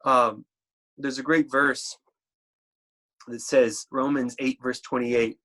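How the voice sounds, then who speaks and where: A man delivers a church sermon in an everyday conversational voice. He stumbles and restarts as he works through his thoughts, then slows and steadies himself for scripture quotes. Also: medium pitch, level tone, fairly bright tone. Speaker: preacher.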